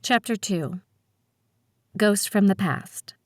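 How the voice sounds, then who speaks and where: A woman narrating a novel in the first person, reading in a steady, measured way. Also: medium pitch, dry recording, clean studio sound. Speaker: audiobook narrator.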